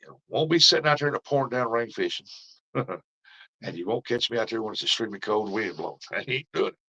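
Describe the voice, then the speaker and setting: A man's voice: mid-range voice, animated, quick pace, sharp tone, breathy edge. A middle-aged man, chatting casually with viewers and telling folksy stories with frequent laughs. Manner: folksy storytelling, laughs often. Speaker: fishing vlogger. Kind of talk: casual live chat with viewers. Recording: dull lo-fi stream audio.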